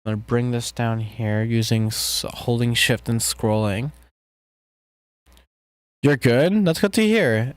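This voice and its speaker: A man's voice: medium pitch, takes it slowly, pauses often. A man making music on a live stream, chatting casually with viewers and joking as he works. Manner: relaxed, jokey, talks to chat while working.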